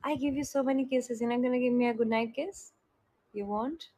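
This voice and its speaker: High-voiced Indian woman on a live stream. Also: fairly even intonation, a little fast, dark tone, poor audio. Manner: affectionate, greets viewers by name and blows kisses. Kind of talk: casual live-stream chat.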